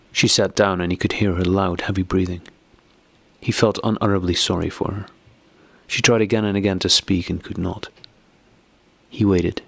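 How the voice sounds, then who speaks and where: A man narrating a classic novel as an audiobook, reading in a steady, measured way. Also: low voice, creaky, husky, no echo. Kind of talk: scripted narration.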